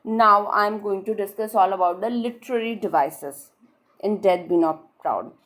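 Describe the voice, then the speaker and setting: A woman's voice: medium pitch, moderate pace, a bit bright. A young woman with an Indian English accent giving an online literature lecture for exam preparation, explaining patiently and repeating key points. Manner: explains patiently, repeats points, often says "all right then". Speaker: literature teacher.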